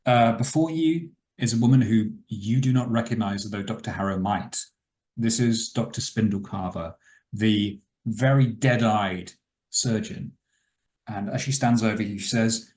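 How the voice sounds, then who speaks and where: A man's voice: on the low side, unhurried. Guy gm-ing a tabletop game, laid back, lots of ums, echoey room. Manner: relaxed, filler-heavy narration. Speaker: game master.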